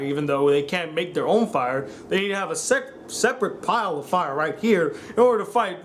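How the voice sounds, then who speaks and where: High-voiced young man ranting sarcastically. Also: animated, moderate pace, hardly any pauses, slight background noise. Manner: sarcastic, exasperated, mocks lines in put-on voices. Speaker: film reviewer. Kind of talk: ranting film review.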